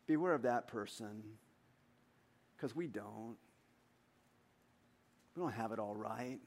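A middle-aged man, a pastor, preaching a sermon with animated personal stories and earnest scripture reading. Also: mid-range voice, slow pace, long pauses. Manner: storytelling, animated anecdotes then earnest reading.

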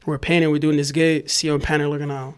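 A young man from New York telling a wild story in a casual chat, animated and profane, acting out the shouting cops. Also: on the high side, fast, clear, resonant tone. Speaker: podcast guest, graffiti writer.

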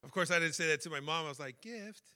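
A man preaching a sermon, emotional and personal, building to shouted fervor. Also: on the high side, fairly even intonation, rapid-fire, clean tone.

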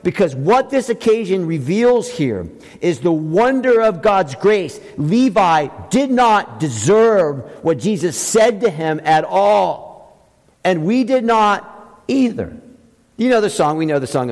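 A man preaching a sermon, asking his listeners questions and swinging between loud high emphasis and quiet low passages. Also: sing-song, slow, big-room sound, low-quality recording. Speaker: pastor.

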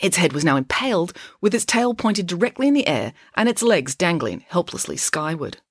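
Husky, expressive woman storyteller. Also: on the low side, moderate pace, no room sound, clean studio sound. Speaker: author and narrator. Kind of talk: audiobook-style story reading.

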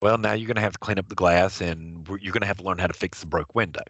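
A man's voice: low voice, fast, fairly bright tone, dry recording. A man co-hosting a casual chat. He is earnest and opinionated, and he often restarts his sentences.

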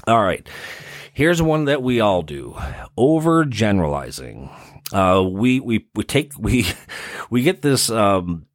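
A man with a Midwestern American accent talks through therapy concepts in a relaxed, conversational podcast monologue. His voice sits low, and the recording is dry and close, with no room sound. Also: slow pace, dry recording. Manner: conversational, explains with everyday examples. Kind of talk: casual explanatory monologue.

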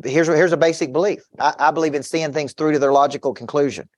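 This man's voice is a little high and steady in tone, moving at a quick pace. He's a business coach giving a fierce motivational seminar, using stories with quoted exchanges and repeated words to push his points. Recording is clean studio sound without room sound.

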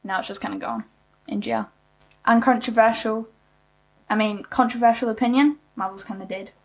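A young woman co-hosting a casual podcast with a slightly high voice. She delivers blunt, cheeky opinions in a dry, deadpan manner. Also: moderate pace, poor audio. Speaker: podcast co-host.

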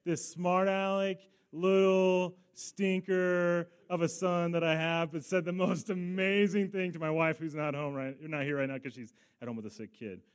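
A man in middle age preaches from the front, telling a long family story with lively asides and bursts of laughter. His voice sits fairly high for a man, and he keeps the sermon casual and chatty. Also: normal speed, hardly any pauses, clean tone. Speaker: pastor.

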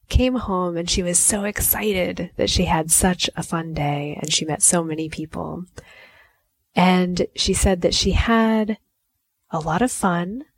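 A woman's voice: on the low side, no room sound. A woman in her forties hosting a solo podcast as a life coach, telling a family story and acting out the dialogue. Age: 40s. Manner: warm storytelling, acts out dialogue.

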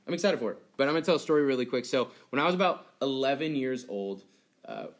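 A young adult man, a pastor, preaching a sermon in a casual, animated way, full of laughs and acted-out dialogue. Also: mid-range voice, quick pace. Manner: conversational and animated, acting out childhood dialogue with laughs.

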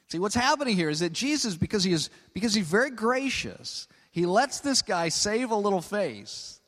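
Casual male pastor, sermon in a large hall with long reverb, animated, keeps saying "okay?". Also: high voice, a little fast, few pauses. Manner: conversational, peppered with 'okay?'; animated, stretches key words for emphasis.

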